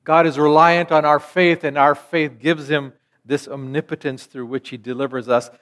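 A man's voice: a little high, flat delivery, moderate pace, fairly bright tone, long reverb tail. A man preaching a sermon in an earnest teaching manner, asking rhetorical questions.

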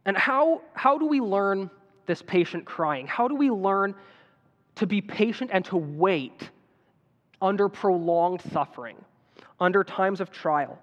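A man's voice: high voice, lively intonation, a little slow. A man preaching a sermon in an earnest manner that builds to emphatic appeals. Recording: dull sound with long hall reverb.

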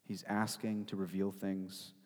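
A man's voice: sits low, little pitch movement, a little slow, darkish tone. Emphatic preacher man with echoing hall. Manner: emphatic, rhetorical, tags questions with "right?". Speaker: pastor. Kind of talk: sermon. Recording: long hall reverb.

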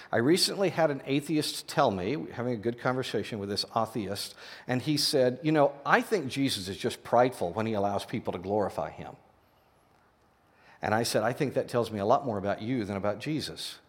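A man preaching a sermon as pastor, animated, moving between quiet asides and loud exhortation. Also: medium pitch, slightly rough. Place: large church sanctuary. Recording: reverberant hall.

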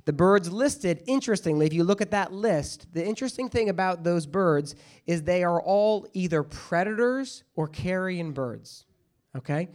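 High-voiced man teaching a casual Bible study. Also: animated, moderate pace, a little mellow. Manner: conversational, checks in with "okay?" and "all right?", jokey asides.

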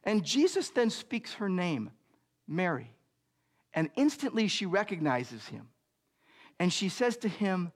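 A man preaching a sermon as pastor, earnest and emphatic, slowing down on key lines and speeding through asides. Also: high-pitched, lively intonation, long reverb tail.

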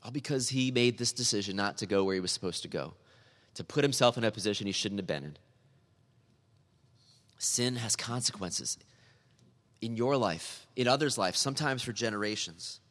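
A man's voice: fairly low pitch, normal speed, long pauses, bright, forceful tone, in a large hall. A man preaching a sermon in a church, earnest and building to emphatic, repeated appeals. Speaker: pastor.

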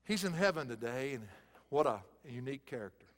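A man preaching a sermon in an auditorium, swinging from hushed, soft passages to loud, emphatic bursts. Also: mid-range voice, lively intonation, brisk, big-room sound.

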